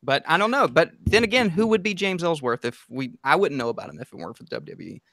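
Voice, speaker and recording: A man co-hosting a casual podcast chat, animated and full of hesitant restarts. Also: on the high side, quick pace, dry recording, clean studio sound. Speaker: podcast co-host.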